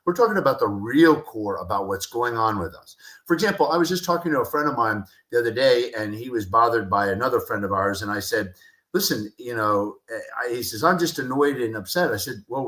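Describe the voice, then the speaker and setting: A man's voice: medium pitch, expressive, fairly quick, a bit bright. Passionate man talking in an echoey room. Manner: passionate, repeats key phrases for emphasis. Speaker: guest, communication expert and speaker. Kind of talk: animated interview talk with acted-out anecdotes.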